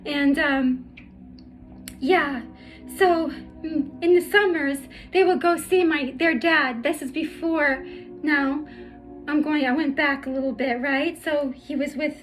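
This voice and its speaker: A middle-aged woman telling her life story through tears, halting and full of restarts. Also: sits high, soft background music. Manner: halting, emotional, many restarts. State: tearful. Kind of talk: personal storytelling vlog.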